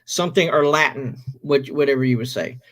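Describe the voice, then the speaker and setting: A man hosting a home gaming stream, chatting casually and joking, with drawn-out fillers. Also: medium pitch, a bit bright. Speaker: stream host. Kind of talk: casual chat.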